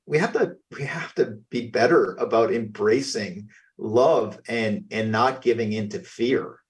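A man's voice: lowish voice, recorded from a distance. Rambling male radio co-host off mic. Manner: rambling, halting, many fillers. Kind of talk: call-in radio talk.

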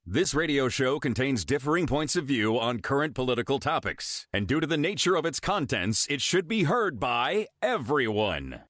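A man's voice: mid-range voice, big pitch swings, moderate pace, few pauses, fairly bright tone, no room sound, studio quality. A male announcer reading a tongue-in-cheek scripted introduction for a radio talk show.

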